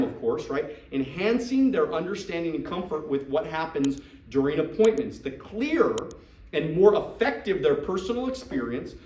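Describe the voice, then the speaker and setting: A man's voice: sits high, mellow. A man giving a motivational business training talk, emphatic and repetitive, acting out sales conversations. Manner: emphatic, repeats phrases, acts out sales dialogue. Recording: echoey room, mic at a distance.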